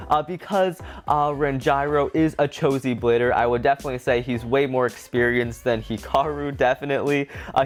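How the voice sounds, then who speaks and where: A man giving a casual, enthusiastic review of a cartoon episode. He fills his talk with "like" and often laughs as he speaks. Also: fairly high pitch. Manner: chatty and enthusiastic, heavy use of "like"; laughs often while talking. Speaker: anime reviewer.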